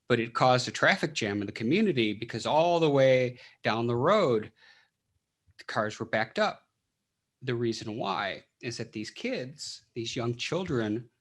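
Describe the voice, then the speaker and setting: A man who is a clinical psychologist, speaking as a podcast guest and explaining things with rhetorical questions and frequent restarts. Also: mid-range voice. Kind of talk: casual interview talk.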